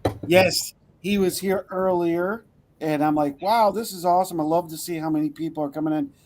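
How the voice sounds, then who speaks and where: Upbeat male host on a video call, slightly high-pitched, playful and welcoming. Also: fairly quick, darkish tone. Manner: upbeat, playful, greets people by name. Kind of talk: casual chat.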